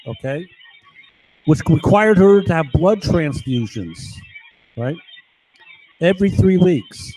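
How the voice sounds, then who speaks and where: A man's voice: fairly high pitch, warm tone, slightly rough, low-quality recording. A man delivering an agitated, rambling monologue to his camera, constantly asking "right?". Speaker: vlogger.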